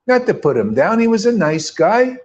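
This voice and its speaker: Emphatic high-voiced male preacher. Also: big pitch swings, moderate pace. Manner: emphatic, colloquial and rhetorical. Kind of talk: sermon. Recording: dull lo-fi recording.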